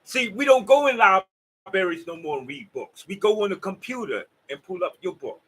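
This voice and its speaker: A man's voice: high-pitched, expressive, moderate pace, a bit bright, slightly rough, poor audio. A man with a Southern US accent giving a rambling, preachy motivational monologue straight to his viewers. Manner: preachy, emphatic, talks straight to the audience. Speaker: vlogger.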